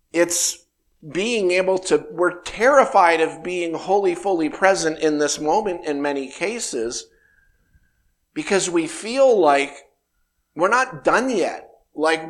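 A man's voice: high-pitched, fairly bright tone. A man in his fifties giving a reflective spiritual talk, meandering and acting out bits of dialogue. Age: 50s. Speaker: spiritual speaker.

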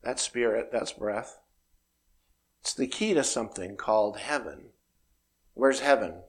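A man in his fifties speaking in a reflective, meandering way about spiritual ideas. His voice sits at an ordinary pitch, and he slips into acted-out back-and-forth dialogue. He sounds unhurried and thoughtful. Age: 50s.

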